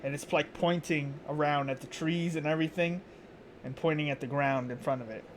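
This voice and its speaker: A man narrating slowly and deliberately as game master of a tabletop game. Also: on the high side, fairly even intonation, a little hiss or hum.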